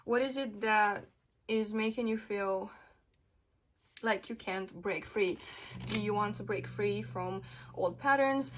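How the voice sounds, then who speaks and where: A woman's voice: medium pitch, slow, long pauses, fairly bright tone, slight background noise, low-quality recording. A woman doing a pick-a-card tarot reading for her viewers, talking earnestly and bluntly, sometimes swearing for emphasis. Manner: asks spirit questions aloud while pulling cards. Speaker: tarot reader.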